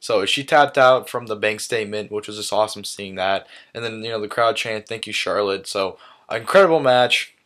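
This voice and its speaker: A man's voice: lowish voice, moderate pace, fairly bright tone. A young man giving a casual, enthusiastic recap in his own words, often saying "awesome" with many fillers and restarts. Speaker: vlogger recapping a live wrestling event.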